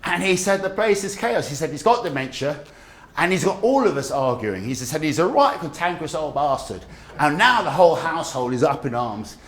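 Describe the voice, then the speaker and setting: A middle-aged man giving a lively talk on dementia care, acting out the people in his stories. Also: on the high side, a little fast. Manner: animated storyteller, acts out quoted voices. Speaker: dementia awareness speaker. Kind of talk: lively public health talk. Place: community event room.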